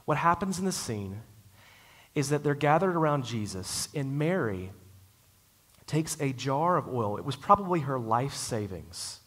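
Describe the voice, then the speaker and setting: A man preaching a sermon in a conversational, storytelling way, slowing down to stress key lines. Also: medium pitch, big pitch swings, fairly bright tone. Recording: long hall reverb.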